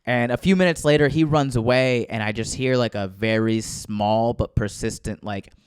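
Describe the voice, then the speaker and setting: A man's voice: medium pitch, normal speed, smooth, no room sound, studio quality. A man in his thirties, a stand-up comedian telling a story in casual podcast talk, acting out quotes with lots of swearing.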